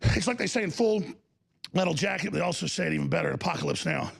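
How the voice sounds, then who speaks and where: A male talk show host delivering an angry, profane broadcast tirade, shouting often. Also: a little high, animated, quick pace, gravelly, husky. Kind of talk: ranting broadcast monologue.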